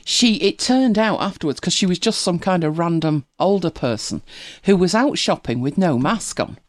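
A woman tells chatty stories and laughs her way through them. Her pitch swings widely up and down. The recording sounds dry and close. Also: expressive, moderate pace, no room sound. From northern England. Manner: chatty storytelling, lots of laughing asides. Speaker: co-host. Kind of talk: casual chat.

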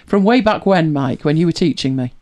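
The host of a tech help show answers viewer questions in casual, chatty talk, laughing easily and repeating words as he starts. The voice is medium-pitched and a little mellow, with lively intonation and a fairly quick pace.

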